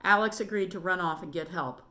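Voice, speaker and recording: A woman reading a children's book aloud in a steady, measured storytelling manner. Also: lowish voice.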